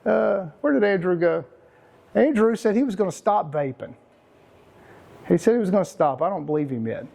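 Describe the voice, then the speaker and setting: A man with a fairly high, darkish voice hosts and chats casually with a small group. He rambles and mocks himself, throwing in some cursing and sarcastic put-on voices.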